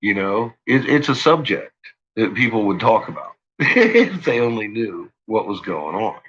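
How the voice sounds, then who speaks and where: A man's voice: lowish voice, very animated, measured pace, fairly bright tone, highs cut off. A man ranting profanely and agitatedly on a casual live stream.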